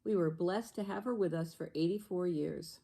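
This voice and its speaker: Mellow woman fondly remembering her mother. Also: lowish voice, moderate pace, creaky. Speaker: daughter giving a remembrance. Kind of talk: read memorial tribute.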